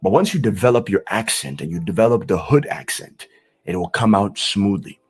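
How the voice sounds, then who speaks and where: Husky man with a Nigerian accent. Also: on the low side, expressive. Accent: Nigerian, Igbo. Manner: slow, deliberate, repeats example phrases. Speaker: online language instructor. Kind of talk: explanatory lesson.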